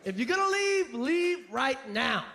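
Male stand-up comic, high-pitched, slow delivery, shouted profane punchlines, live club crowd laughing. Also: very animated, vocal fry. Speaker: stand-up comedian. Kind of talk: stand-up routine. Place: comedy club stage before a laughing crowd.

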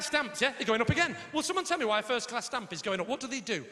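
Brash northern English comedian, high animated delivery, echoey hall with audience noise. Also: male voice, quick pace, few pauses. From north of England. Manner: brash, sweary, rambling crowd work. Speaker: stand-up comedian. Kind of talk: stand-up comedy set. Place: large theatre with audience.

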